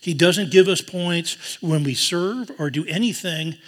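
A man preaching a sermon, earnest, dropping to a hushed voice when he quotes tender words. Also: fairly high pitch, a little slow. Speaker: pastor. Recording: long hall reverb.

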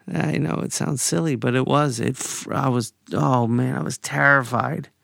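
A man in his forties telling a personal story in a casual, animated way, sometimes profane and heated. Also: mid-range voice, measured pace, gravelly, no echo, clean studio sound. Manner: animated, profane, rising to anger.

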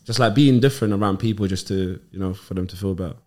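A man joins a casual podcast chat. He talks in a relaxed way, chipping in with jokes and short asides. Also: fairly low pitch, fast. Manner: laid-back, joking interjections.

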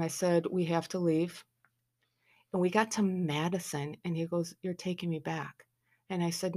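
Speaking in a deep voice, a woman shares a story about her family from a mother's perspective. She's relaxed yet animated, playing out quoted lines and tossing in sarcastic asides.

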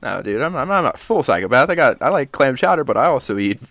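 A man's voice: medium pitch, very animated, fast, fairly bright tone, no echo. A young man from Ohio in casual chat, rambling and swearing, laughing often.

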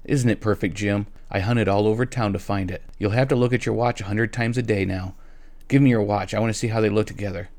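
A man's voice: on the low side, steady tone, fast, a little mellow, close to an everyday voice. A man voicing a young, loving and anxious wife in a read-aloud story, in an earnest, pleading way. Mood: eager.

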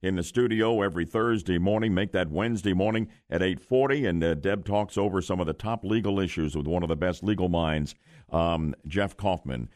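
A man hosting a morning radio show in the studio, chatty and quick to react. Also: low voice, a little mellow, dry recording. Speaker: radio host. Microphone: studio microphone.

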